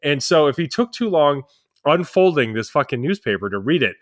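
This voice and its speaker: A man's voice: on the high side, moderate pace, no room sound, studio quality. A man co-hosting a podcast, chatting casually with profane, jokey asides. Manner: profane, jokey, animated storytelling. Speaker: podcast co-host. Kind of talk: casual chat.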